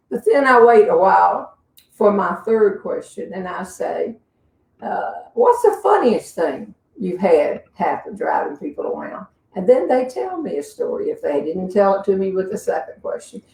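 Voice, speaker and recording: Folksy Southern woman, gravelly, from afar. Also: lowish voice, darkish tone, echoey room, distant mic, low-quality recording. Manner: folksy, chatty, with asides and small laughs. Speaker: humorist answering audience questions. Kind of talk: casual comic storytelling.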